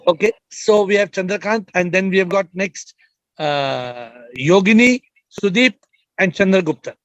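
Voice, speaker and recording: Man, high voice, host of an online Q&A, probes and repeats questions; slightly muffled, dry sound. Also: normal speed, fairly bright tone, dry recording. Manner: probing, repeats questions, jokes lightly. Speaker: host of an online spiritual Q&A session. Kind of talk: questioning participants on a video call. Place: video call.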